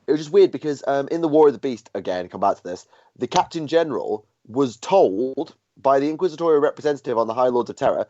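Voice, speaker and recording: A man with a Barnsley accent chats casually as a podcast host, his pitch rising and falling freely. The sound is dry and lo-fi, with a dull top end. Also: expressive, quick pace, dark tone, no echo. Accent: Yorkshire (Barnsley). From England. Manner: conversational, asks questions, hums filler tunes. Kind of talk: casual chat.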